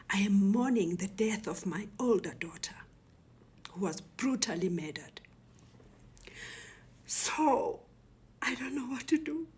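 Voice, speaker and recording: A middle-aged South African woman recounting a personal ordeal as an interview guest, speaking softly and often near a whisper. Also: medium pitch, slightly rough. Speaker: guest telling her story. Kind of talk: emotional personal testimony.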